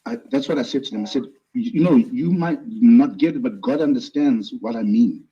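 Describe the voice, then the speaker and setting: A soft-spoken man with a husky, mellow voice who speaks hesitantly, retelling what others have said to him. His voice comes through dull, muffled call audio. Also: medium pitch, brisk. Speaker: guest on a live stream. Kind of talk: casual conversation.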